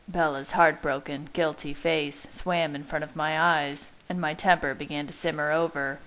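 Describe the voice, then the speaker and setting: A woman reading fan fiction aloud in a measured, even first-person narration. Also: deep voice, rough recording.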